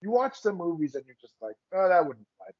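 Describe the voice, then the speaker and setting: A man's voice: high-pitched, big pitch swings, fast, darkish tone, dry recording. A man who is a guest actor on a podcast, chatting casually and animatedly acting out quotes in his stories. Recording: slightly muffled dry podcast audio.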